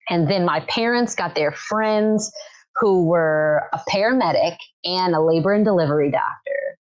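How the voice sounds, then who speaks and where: A woman's voice: low-pitched, moderate pace, lo-fi sound. A young woman guest in a casual podcast chat, telling a personal story and acting out what others said. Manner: animated storytelling, acts out quoted voices. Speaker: podcast guest, birth keeper. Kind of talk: casual conversation.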